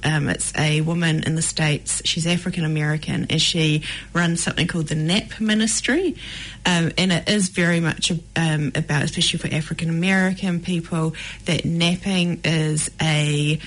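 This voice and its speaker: A woman's voice: low-pitched, steady tone, moderate pace, poor audio. A woman co-hosting a podcast in a studio, speaking reflectively with plenty of hesitations. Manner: reflective and hesitant, with many fillers. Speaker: podcast co-host. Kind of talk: casual podcast chat.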